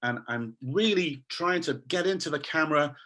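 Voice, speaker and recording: Animated man leading an online class. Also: a little high, normal speed. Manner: enthusiastic and animated; quizzes the audience, reads names from chat. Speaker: teacher trainer. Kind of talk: online teacher training talk. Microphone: video call.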